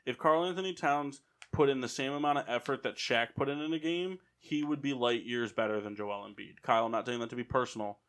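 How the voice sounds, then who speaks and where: A man's voice: medium pitch, brisk, a bit bright. Opinionated man talking basketball. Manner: opinionated, argues points at length. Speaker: podcast co-host. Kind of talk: casual sports chat.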